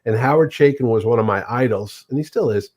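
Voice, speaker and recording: A man's voice: mid-range voice, fast talker. A man casually telling convention stories on a podcast, acting out the voices of the people in them. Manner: animated, acts out quoted voices.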